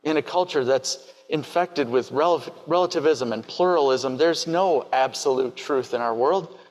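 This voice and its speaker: A man preaching a sermon in a measured, questioning way. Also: medium pitch, long reverb tail.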